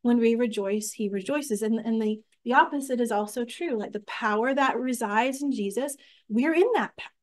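A young woman teaching a small-group Bible study. Her voice sits on the high side, and her delivery is earnest and chatty. She often restarts her sentences and fills her pauses.

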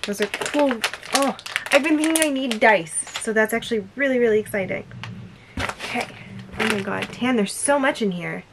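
A woman chatting excitedly in a casual unboxing vlog, gushing over each gift at home. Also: fairly high pitch, normal speed. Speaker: vlogger opening a gift. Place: dim room at home. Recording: noisy home recording.

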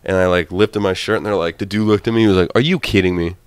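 A man's voice: deep voice, steady tone, racing, clear, resonant tone, no echo, clean studio sound. A young man co-hosting a podcast, chatting casually in a profane, rambling way and laughing often. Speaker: podcast co-host. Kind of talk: casual crude banter.

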